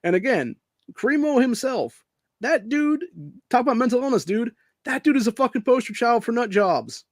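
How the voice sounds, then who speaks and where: With a very high, animated voice at a moderate pace, this American man hosts a podcast and launches into a furious, profane political tirade, full of casual "dude" and "man" asides. Clean studio audio, no room echo.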